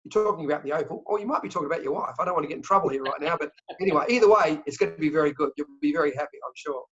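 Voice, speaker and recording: An Australian man talking fast and joking as a travel company sales director in an interview. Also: on the high side, fairly bright tone. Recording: dull lo-fi audio.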